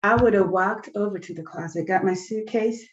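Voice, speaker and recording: A woman's voice: mid-range voice, moderate pace, muffled recording, background noise. A woman co-hosting a casual recap show, blunt and joking as she plays out how she would react.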